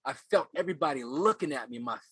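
A man's voice: on the high side, lively intonation, fast talker, a bit bright, husky, dry recording, rough recording. A middle-aged man, a podcast guest, telling his life story in an earnest, reflective way, often repeating phrases as he searches for words. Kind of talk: casual interview storytelling.

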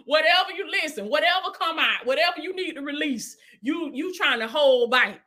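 High-voiced woman preaching a sermon. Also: brisk, few pauses. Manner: preaching with call-and-response, dropping to hushed prayer.

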